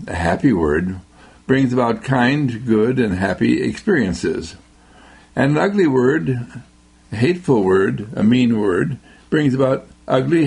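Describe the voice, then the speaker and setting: A man, a university dean, giving a slow, emphatic inspirational radio talk with lots of repetition and exclamations. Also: medium pitch, creaky, a little mellow, husky.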